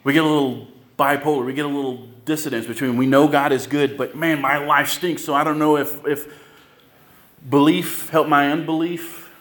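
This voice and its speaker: Animated pastor preaching in an echoey room. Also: male voice, a little high, normal speed. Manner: conversational, animated storytelling with asides to the congregation. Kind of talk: sermon.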